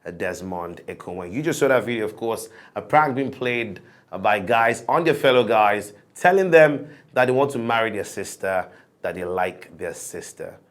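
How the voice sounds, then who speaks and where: Low-voiced male talk show host. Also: lively intonation, normal speed. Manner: probing, presses with repeated questions. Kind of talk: studio talk show discussion.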